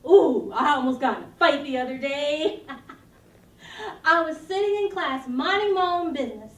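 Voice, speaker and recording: A woman's voice: sits high, expressive, moderate pace. A woman playing a giggly, lonely seventh-grade girl. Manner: giggly, rambling and self-conscious. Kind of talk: confessional monologue to a camcorder. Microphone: camcorder mic. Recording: roomy sound from a distance.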